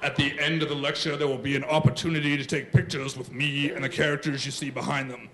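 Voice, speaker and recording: A man voicing a costumed masked villain giving a lecture in a slow, solemn, deep tone. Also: level tone, crowd noise, close to an everyday voice.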